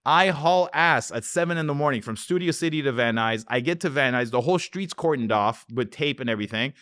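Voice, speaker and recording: This podcast guest, a real estate investor, speaks in an expressive, brisk, slightly bright mid-range voice while recounting wild stories. He swears liberally and mimics the voices of those he describes, recorded cleanly in a studio with no echo.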